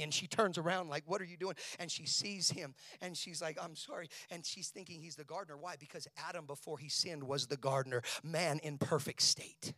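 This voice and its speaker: A man preaching a sermon, moving between hushed, whispered lines and loud, climbing exclamations. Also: steady tone, normal speed, hardly any pauses. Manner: dramatic preaching, swings from soft whispers to loud high shouts. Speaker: pastor.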